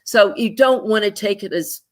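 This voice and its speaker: A woman psychotherapist explaining moods in a relaxed conversation, acting out her clients' thoughts with sighs and quick asides over a video call. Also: mid-range voice. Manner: animated, acts out clients' inner voices with sighs. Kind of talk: conversational explanation with acted-out examples.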